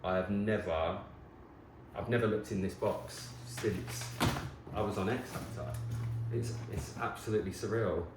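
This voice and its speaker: A man, chatting casually to camera in an excitable, nostalgic way. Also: lowish voice, unhurried, echoey room, noisy background. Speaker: vlogger host. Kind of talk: casual chat.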